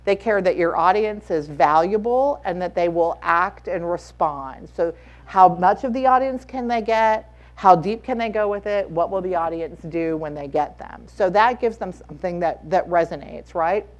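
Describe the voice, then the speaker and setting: A woman's voice: lowish voice, moderate pace, dull audio. A woman speaking as a conference panelist, giving advice emphatically and repeating her key points. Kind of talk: advisory panel talk. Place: conference room.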